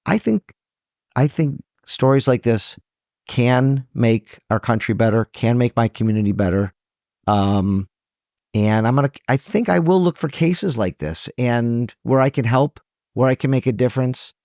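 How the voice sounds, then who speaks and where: A man's voice: medium pitch, expressive, a little slow, darkish tone, no echo, clean studio sound. A middle-aged man, a trial lawyer, talking earnestly and emotionally as a podcast guest, often restarting his sentences. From Michigan, USA. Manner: earnest, emotional, many restarts and self-corrections. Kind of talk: conversational interview.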